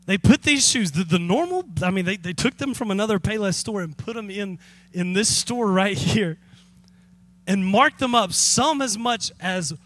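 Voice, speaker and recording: Man, pastor, sermon, high voice, bright, animated storytelling. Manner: animated storytelling with chuckles and asides to the congregation.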